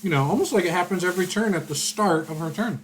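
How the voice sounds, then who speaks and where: A game master running a tabletop game session, describing events and giving rulings in a calm, matter-of-fact way. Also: medium pitch, quick pace, slight background noise.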